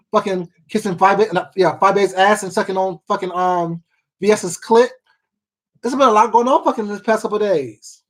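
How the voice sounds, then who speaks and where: A livestream host chatting casually to viewers, gossiping with lots of swearing and repeats and calling people baby and sweetheart. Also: medium pitch. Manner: rambling, profane gossip with many repeats and fillers. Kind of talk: casual livestream chat reading viewer comments.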